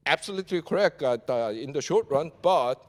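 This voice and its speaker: A man's voice: on the high side, expressive, fairly quick. A man from South Korea with a Korean accent gives a university lecture in English. He talks with many "uh" fillers and ends points with a questioning "yeah?". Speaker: guest lecturer. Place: large lecture hall. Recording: reverberant lecture hall.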